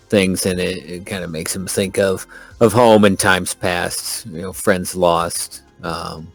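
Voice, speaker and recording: Very deep gravelly man, crude player. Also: fairly bright tone. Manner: crude and profane. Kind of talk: casual tabletop game play.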